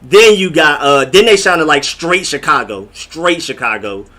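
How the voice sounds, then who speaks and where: A young man from Atlanta hosts a casual live stream, rambling in slang and talking straight to the chat as he reads viewers' comments aloud. His voice is a little high and sharp-toned, animated but a little slow.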